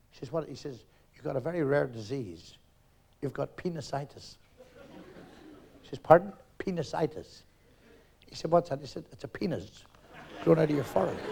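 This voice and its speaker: A man's voice: a little high, warm tone, slightly rough. A man in his sixties with a Northern Irish accent, doing live stand-up on a theatre stage and rattling off jokes while acting out the voices in them. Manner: rapid joke-telling, acting out characters in dialogue. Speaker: stand-up comedian.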